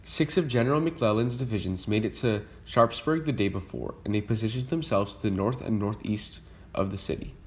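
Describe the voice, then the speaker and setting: A young man imitating an upbeat male online history video host, lecturing briskly and cheerily. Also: on the low side, close to an everyday voice.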